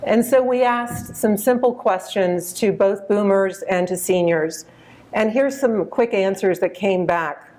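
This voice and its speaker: Woman in her fifties giving a keynote. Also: medium pitch. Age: 50s. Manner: measured, storytelling, addresses audience directly. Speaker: keynote speaker. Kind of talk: conference keynote.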